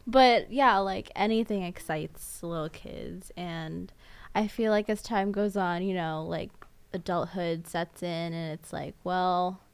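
A young woman who is a guest on a college radio show, chatting in a relaxed, drawling way with fillers and laughs. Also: on the low side, a little slow, vocal fry, smooth, no room sound. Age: young adult. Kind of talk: casual radio chat.

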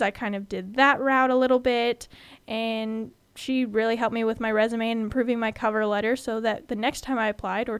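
A Californian woman in her twenties hosts a student podcast, sharing personal stories in a candid, chatty way and getting animated as she retells them. Her voice is a little high with a clean tone, and the recording is dry.

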